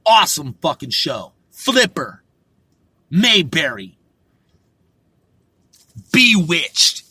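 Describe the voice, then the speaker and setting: Profane ranting man, bright tense voice, dry close sound, slow delivery. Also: on the high side, very animated, husky, dry recording. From United States. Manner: profane, combative, shouting bursts. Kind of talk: ranting monologue to camera.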